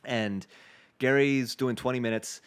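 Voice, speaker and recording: A man's voice: medium pitch, fairly even intonation, a little slow, smooth. A young man telling a story in a podcast interview, acting out the people he quotes. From Boston. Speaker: comedian guest.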